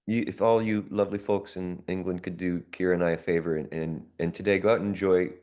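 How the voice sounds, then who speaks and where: Deep-voiced man, playful guest. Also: fairly even intonation, fast talker, a little mellow. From United States. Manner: enthusiastic storyteller, playful. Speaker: guest actor. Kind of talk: casual interview chat.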